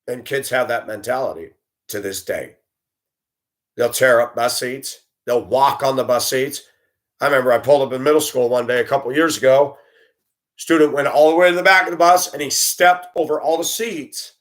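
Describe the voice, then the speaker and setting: A man in his fifties, a school bus driver, delivering a blunt, animated rant with swearing and grumbling. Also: mid-range voice, normal speed. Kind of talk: ranting monologue.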